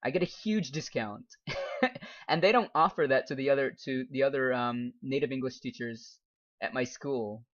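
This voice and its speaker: A man's voice: mid-range voice, moderate pace. A young man, a game streamer and English teacher, chatting casually and reading viewer comments aloud with frequent laughs. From United States. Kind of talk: casual live-stream chat while gaming. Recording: dull lo-fi stream audio.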